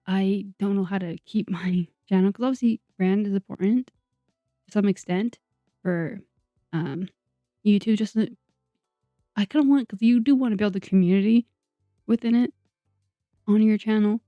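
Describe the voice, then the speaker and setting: A woman's voice: mid-range voice, moderate pace, long pauses, dry recording. A young woman YouTuber chatting casually over a video, rambling and self-deprecating, with lots of fillers and laughs. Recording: dull, dry sound under soft music.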